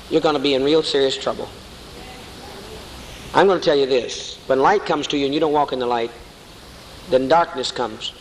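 A male preacher delivering a fiery, mocking sermon to a congregation, calling listeners honey. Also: mid-range voice. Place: church hall before a congregation. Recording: echoey hall with faint noise.

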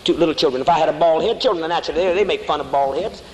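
A man's voice: a little high, racing, a crowd in the background. Fiery preacher man in an echoey hall. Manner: fiery, mocking, calls listeners honey. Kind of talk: sermon. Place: church hall before a congregation. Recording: echoey hall with faint noise.

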